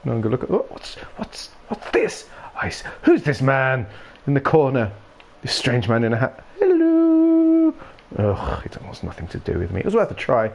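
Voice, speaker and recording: A man's voice: mid-range voice, big pitch swings, brisk, gravelly, hardly any pauses. A man giving casual, jokey game commentary with rambling, playful asides. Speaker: gaming streamer.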